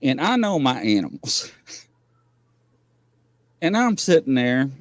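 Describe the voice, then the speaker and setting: He hosts a paranormal variety show via casual livestream, an animated storyteller who wanders through tales amid plenty of laughter. His voice is medium in pitch, his pace slow, and the audio has no echo.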